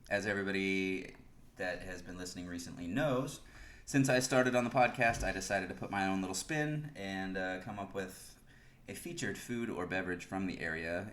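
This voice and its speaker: Deep-voiced man in an echoey room. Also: fairly bright tone. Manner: rambling, with many "uh" pauses. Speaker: podcast co-host. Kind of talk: casual chat. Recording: roomy echo, faint hiss.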